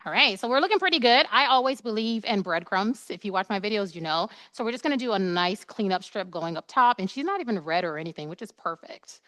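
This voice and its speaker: A woman's voice: medium pitch, expressive, fast, hardly any pauses, bright, forceful tone, no room sound. Chatty woman giving a waxing demo. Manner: chatty, playful, acts out quoted dialogue. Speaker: esthetician. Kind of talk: live waxing demonstration.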